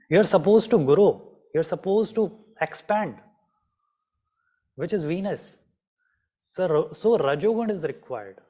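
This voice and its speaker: A man leads an online class in a fairly high voice. He keeps questioning his students by name and repeats each question until someone answers. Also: warm tone. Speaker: astrology teacher.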